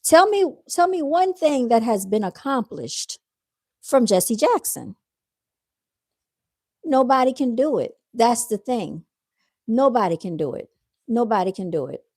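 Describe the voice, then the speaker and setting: A woman's voice: on the high side, very animated, unhurried, pauses often, a little mellow, no room sound. A woman delivering an opinionated commentary monologue straight to her viewers, emphatic and repetitive as she drives her points home. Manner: emphatic, repeats points, addresses viewers directly. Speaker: commentary vlogger.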